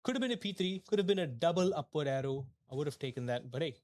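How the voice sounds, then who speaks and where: During a live gaming stream, a young man from Malaysia races in a sim and airs his frustration through mumbled asides and questions he keeps repeating. He sounds animated, fast, and a little mellow, with a voice on the high side.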